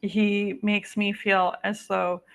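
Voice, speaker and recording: A woman with a gravelly, fry-laced voice talks a client through a psychic reading over a video call. She speaks in halting bursts, filling every gap with "um" and "like". Her voice sits mid-pitch and comes across as informal rather than polished. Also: level tone. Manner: halting, full of "um" and "like". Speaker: psychic medium.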